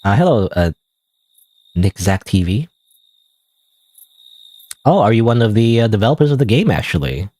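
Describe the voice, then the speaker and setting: A man's voice: fairly low pitch, sing-song, normal speed, long pauses, warm tone, no echo. A man streaming a game live, giving casual, rambling, self-deprecating commentary full of "you know" and "I don't know.". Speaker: gaming streamer.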